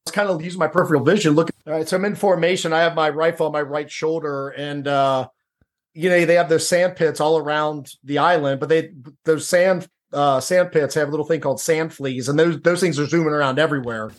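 A man's voice: fairly high pitch, steady tone, a little fast. A middle-aged man telling a personal story as a podcast guest, casual and repetitive, often saying "like" and "dude.". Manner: casual, repeats words, says "dude" and "like". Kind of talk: storytelling interview.

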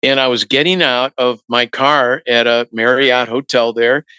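Bright, crisp-voiced man telling stories. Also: mid-range voice, measured pace, no room sound, rough recording. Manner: relaxed anecdotal, acts out quoted voices. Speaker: guest musician. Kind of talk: storytelling interview talk.

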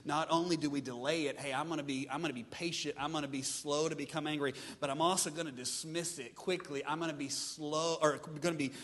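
A pastor preaching a sermon with lively delivery, acting out his listeners' excuses in changing voices. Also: on the high side, fast talker, few pauses, long reverb tail. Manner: animated preaching, mimics congregants' excuses.

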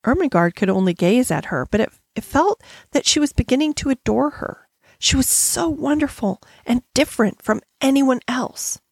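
Woman, audiobook narrator, measured, expressive, dry recording. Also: sits high, vocal fry, husky, no echo. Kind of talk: reading a classic novel aloud.

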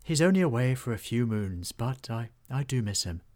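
A man doing a gentle wistful tree woman. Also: mid-range voice, sing-song, normal speed, natural voice. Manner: soft, hesitant, sighing.

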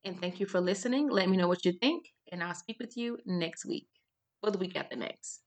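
A woman's voice: lowish voice, fairly quick, a little mellow. Chatty woman hosting a podcast. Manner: chatty, repeats phrases, informal grammar. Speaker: podcast host. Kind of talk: casual solo podcast talk.

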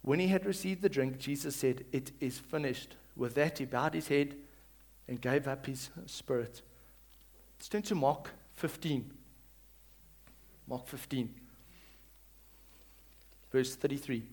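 A male pastor reading scripture and preaching, swinging between loud calls and hushed reading and leading the congregation to repeat after him. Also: mid-range voice, slow pace, pauses often. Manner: leads the congregation in call-and-response.

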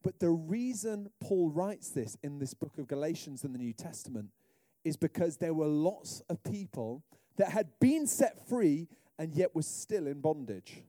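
A middle-aged British man preaching a sermon, telling humorous stories in a lively way. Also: a little high, unhurried, no room sound, studio quality. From Britain. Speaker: pastor.

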